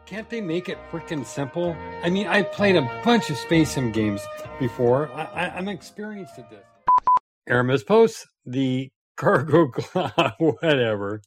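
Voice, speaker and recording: A man's voice: on the high side, lively intonation, unhurried, slightly rough, soft background music. A man co-hosting a podcast in casual banter, sounding exasperated and self-mocking, with sighs and laughs. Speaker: podcast co-host.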